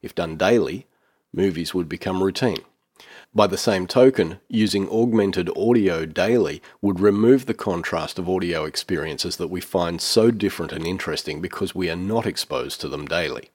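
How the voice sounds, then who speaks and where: A man's voice: sits low, moderate pace, slightly rough. A man hosting a podcast, chatting casually and reading out a listener's essay, with frequent "uh" fillers. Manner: relaxed, chatty, with frequent "uh" fillers and small laughs. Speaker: podcast host.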